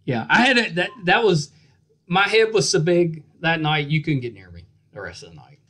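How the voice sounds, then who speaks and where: A middle-aged man, hosting a relaxed podcast chat. His pitch rises and falls a lot as he talks, and he laughs often and repeats words as he goes. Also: normal speed. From West Virginia. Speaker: podcast host. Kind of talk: casual interview chat.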